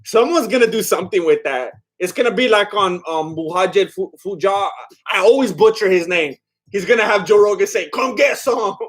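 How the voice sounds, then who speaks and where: A man hosting a live fight watch-along, chatting casually to his chat, laughing often and retelling moments in quick quoted voices. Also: high voice.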